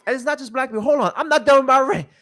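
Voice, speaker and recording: A man with a fairly high voice tears into a rant, swearing freely and stressing his points hard. He mimics the people he criticizes in mocking quoted asides. His tone stays emphatic and combative throughout. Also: racing, fairly bright tone. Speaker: commentator. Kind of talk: heated commentary rant.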